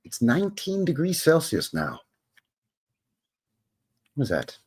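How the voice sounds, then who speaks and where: A man's voice: a little high, wildly swooping pitch, slow, darkish tone, slightly rough. Rambling man hosting a livestream. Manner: rambling, chatty, self-interrupting. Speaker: channel host. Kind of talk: casual livestream commentary. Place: home room with windows open.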